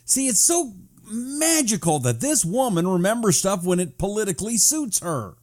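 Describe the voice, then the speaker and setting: A man hosting a live political talk show, reading viewer comments in a sarcastic, animated way. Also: high-pitched, normal speed.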